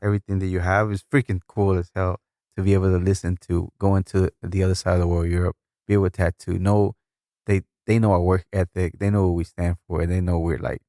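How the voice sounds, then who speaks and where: A man hosts a casual podcast interview with a very deep voice. He speaks in a relaxed, slangy way and keeps affirming his guest. The recording is dry and close-miked. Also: fast, no echo. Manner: relaxed, affirming with short backchannels. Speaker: podcast host.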